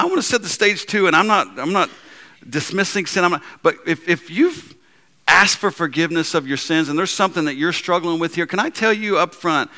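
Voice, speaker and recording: Male preacher, somewhat high and bright, lively pitch, emphatic with soft drops, restarts a lot. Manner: animated preaching with frequent repeats and restarts; swings between loud emphatic lines and low soft ones. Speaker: pastor. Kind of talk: sermon.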